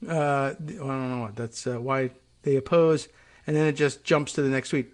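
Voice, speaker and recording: A man's voice: medium pitch, fairly even intonation, moderate pace. A man hosting a talk show, rambling and sarcastic, with many fillers and restarts as he reads out listener comments and tweets. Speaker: podcast host. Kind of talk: casual solo commentary.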